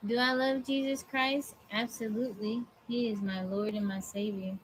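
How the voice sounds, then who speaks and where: A woman hosting a casual live stream, chatting with viewers and greeting them by name, recorded on a phone in a quiet room at home. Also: on the high side, steady tone, normal speed, slight background noise, low-quality recording. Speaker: livestream host.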